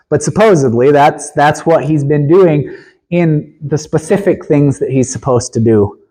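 A man preaching a sermon, retelling a scripture story with animated swings between emphatic high calls and quiet low asides. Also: rough recording.

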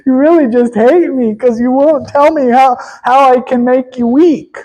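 A man's voice: very high voice, unhurried, darkish tone, voice pushed up, rough recording. A preacher, a man, voicing a nagging woman who pleads and whines at her lover. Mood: whiny pleading. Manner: pleading, whining.

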